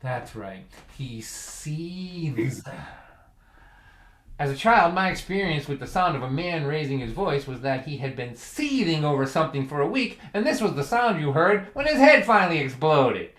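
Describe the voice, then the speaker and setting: A man's voice: fairly high pitch, brisk, few pauses. A man telling humorous stories on a livestream in a dry, wry way. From Massachusetts. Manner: wry, deadpan with bursts of loud acted quotes. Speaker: folk singer and storyteller. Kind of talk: humorous storytelling. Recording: echoey room.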